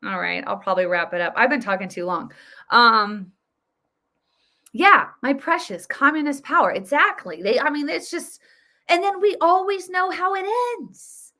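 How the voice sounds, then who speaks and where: A woman's voice: sits high, moderate pace, bright, forceful tone. A woman in her thirties hosting her own political commentary video, talking emphatically and casually with many fillers and restarts. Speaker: political vlog host.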